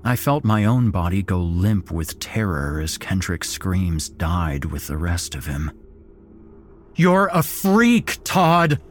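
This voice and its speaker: Deep-voiced man narrating a horror tale. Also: a little mellow. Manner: grim, dramatic, unhurried. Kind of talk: first-person horror story narration.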